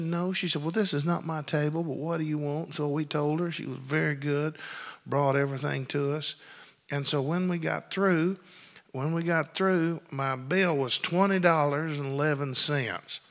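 A male pastor preaching a sermon, telling folksy stories that build into loud preaching. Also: fairly high pitch, creaky. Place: church sanctuary. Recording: long hall reverb.

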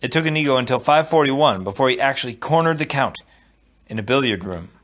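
A man reading a novel aloud in a steady, measured narration. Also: mid-range voice. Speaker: audiobook reader. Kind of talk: storybook read-aloud.

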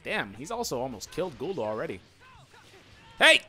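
A man doing let's play commentary, excitable and yelling taunts at his opponents over faint game music. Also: on the high side, moderate pace. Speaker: gaming channel host.

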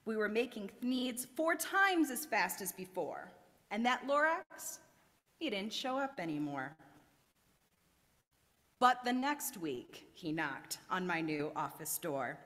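A woman reads a rhyming storybook aloud at a worship service, her voice swinging widely in pitch. She takes it slowly and theatrically, and a long reverb trails off the church walls. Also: big pitch swings, a bit bright. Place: church sanctuary.

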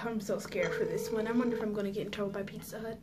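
A woman's voice: medium pitch, fairly even intonation, fast, heavy background noise. A woman chatting casually in a home vlog, giggly and nervous, talking straight to her viewers. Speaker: vlogger. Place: at home indoors.

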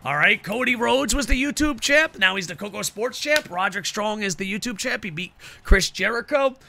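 A man with a high, gravelly voice calls a wrestling video game match for his live-stream chat, sharp and bright in tone. He is playful and hams up announcer-style intros, with faint music running underneath. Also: expressive, moderate pace, a little hiss or hum. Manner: playful, ring-announcer flourishes, talks to chat. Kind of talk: casual live-stream commentary.

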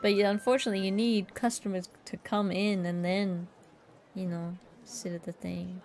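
A woman's voice: mid-range voice, level tone, normal speed, darkish tone, soft background music. A woman streaming a game, chatting casually to herself in a playful, jokingly bossy way. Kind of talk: casual gameplay commentary.

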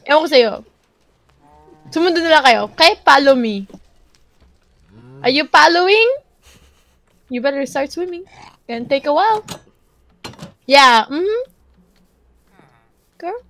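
A young Filipino woman with a Filipino accent, giving profane, dramatic commentary and shouting at animals in a game. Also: high voice, animated, unhurried, pauses often. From Philippines. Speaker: gamer. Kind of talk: casual gameplay commentary.

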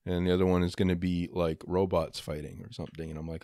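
A man with a low voice hosts a casual podcast discussion. He rambles and hedges, circling his point with fillers. The sound is dry, with no room echo. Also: flat delivery, quick pace, mellow. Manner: rambling, hedging with many fillers. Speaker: podcast host.

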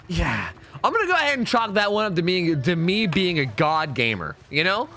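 A man's voice: high-pitched, brisk, slight background noise. A young man with a joking manner, giving casual commentary over his own gameplay as a streamer. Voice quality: animated, joking, talks to players on screen. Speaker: gaming streamer.

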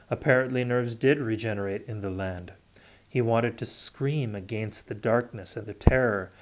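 Slow, deliberate male audiobook narrator. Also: lowish voice, darkish tone. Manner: measured, deliberate reading. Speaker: audiobook reader.

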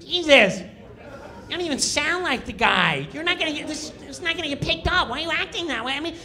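A whiny, needling young castmate, as a comedian puts him on, nagging nonstop in a squeaky, high voice. He is sharp and bright, and he bounces around a lot as he pesters. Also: expressive, fairly quick, full character voice.

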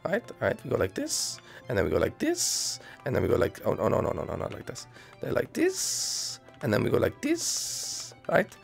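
Gravelly woman rambling over gameplay. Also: extremely low pitch, huge pitch swings, brisk, hardly any pauses, soft background music. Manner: rambling, many fillers. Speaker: gaming video creator. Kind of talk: casual gameplay commentary.

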